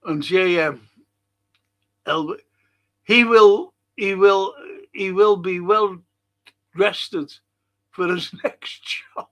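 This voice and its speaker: A man's voice: high-pitched, drawn-out words, long pauses, fairly bright tone. A man hosting a live football watch-along stream, reading out chat messages and ranting bluntly with heavy swearing.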